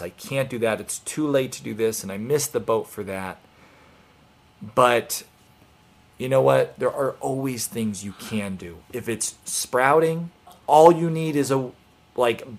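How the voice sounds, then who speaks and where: Man, live stream host, casual, earnest, encouraging, rambling restarts. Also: on the low side. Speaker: host of a live homesteading show.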